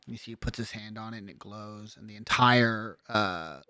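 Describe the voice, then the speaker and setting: A man narrating a tabletop game as game master in a relaxed, loose way, with many fillers and restarts. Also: fairly low pitch, moderate pace, smooth, no echo.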